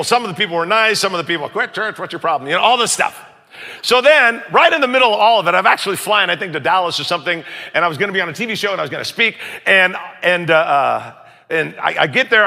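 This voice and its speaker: A middle-aged man, a pastor, telling a story in a sermon and acting out the other voices with animated raised lines. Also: high voice, vocal fry. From United States. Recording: long hall reverb.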